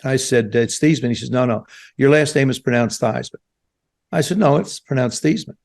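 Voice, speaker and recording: A man in his seventies from New Jersey, a guest telling stories in an animated way on a podcast. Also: mid-range voice, fairly quick, creaky. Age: 70s. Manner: animated storyteller, acts out quoted voices. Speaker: guest, former quarterback. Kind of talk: storytelling interview. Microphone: podcast studio mic.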